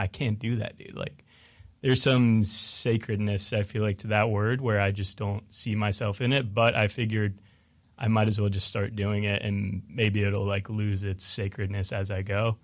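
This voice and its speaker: A young man as a radio guest, talking in a relaxed, self-deprecating way with many "like" fillers. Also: on the low side, no echo. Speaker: guest, visual artist. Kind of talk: casual interview chat. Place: radio studio.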